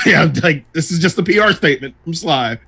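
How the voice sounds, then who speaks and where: A man's voice: fairly high pitch, animated, fairly quick, pushed and bright, slightly rough. A man co-hosting a casual gaming podcast with a wry, joking manner. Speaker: podcast co-host.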